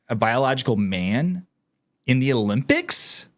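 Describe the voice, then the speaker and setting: With a sing-song, medium-pitched, slightly bright voice and a moderate pace, a political commentary host speaks to viewers on his own channel. Casual and emphatic, he reads the news aloud in disbelief.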